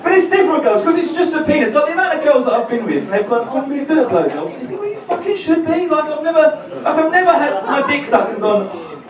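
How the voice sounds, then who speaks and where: A man's voice: very high voice, big pitch swings, quick pace, hardly any pauses. A young man with an Essex accent doing a rambling, self-deprecating stand-up set, swearing freely. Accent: Essex English. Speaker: stand-up comedian. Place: comedy club stage. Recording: roomy live club recording, distant, crowd noise. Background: audience laughter and room noise.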